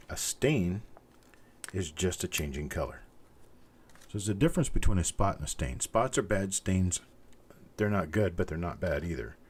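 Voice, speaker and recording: A middle-aged man hosting a live stream, calmly and methodically talking through each coin and greeting viewers by name. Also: low-pitched, husky. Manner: calm, methodical, talks while inspecting coins, greets viewers by name. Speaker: host.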